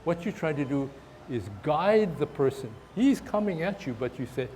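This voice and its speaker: A man teaching tai chi to a class, talking haltingly with many restarts as he demonstrates moves. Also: on the high side, lively intonation, a little mellow, a little hiss or hum. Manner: halting, repeats words, talks while demonstrating moves. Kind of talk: outdoor class instruction. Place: park, outdoors.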